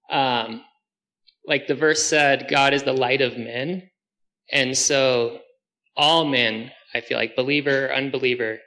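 Man in a faith talk, bright and forceful, loose and eager. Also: mid-range voice, poor audio. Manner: enthusiastic, many "like" fillers. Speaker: group member sharing. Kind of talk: casual faith discussion.

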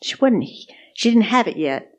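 A woman's voice: mid-range voice, very animated, moderate pace. A woman co-hosting a podcast, sharing faith testimonies in casual chat, earnest and repeating words for emphasis. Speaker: podcast co-host.

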